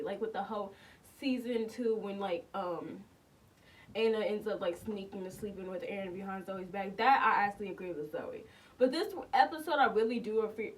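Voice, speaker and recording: A woman's voice: on the high side, recorded from a distance, rough recording. A young woman casually reacting to and reviewing a TV episode, rambling with lots of fillers and repeated words. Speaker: TV reaction vlogger.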